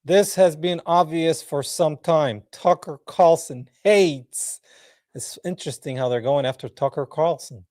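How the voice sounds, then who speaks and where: A man's voice: on the high side, measured pace, a little mellow, dry recording, studio quality. A man hosting a live podcast, reacting to clips with mocking, sarcastic commentary and laughter. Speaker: podcast host.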